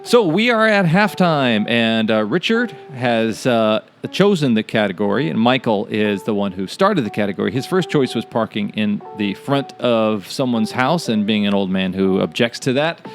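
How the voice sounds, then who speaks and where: A man's voice: lowish voice, animated, moderate pace, hardly any pauses, faint music behind. A man hosting a podcast in an easygoing, chatty way, with upbeat talk and frequent fillers. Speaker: podcast host. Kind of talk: casual podcast chat.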